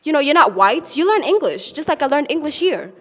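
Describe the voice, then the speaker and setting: Woman from congo on a panel, emphatic, kinda high voice, reverby room. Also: very animated, brisk, a bit bright. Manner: emphatic, switching between Kinyarwanda and English. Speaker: panel guest. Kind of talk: panel discussion. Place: in America.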